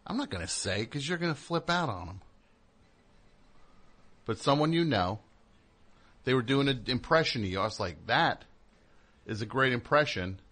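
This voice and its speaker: Bright-voiced rambling male radio host. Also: mid-range voice, sing-song, moderate pace, long pauses. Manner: rambling, jokey, self-interrupting. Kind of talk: casual radio monologue.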